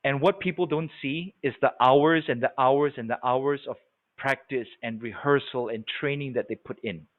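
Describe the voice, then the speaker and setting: A man leading a live sales training webinar, animated and coaching, often checking that his audience follows. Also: mid-range voice, moderate pace. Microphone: video call. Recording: tinny phone-like webinar audio.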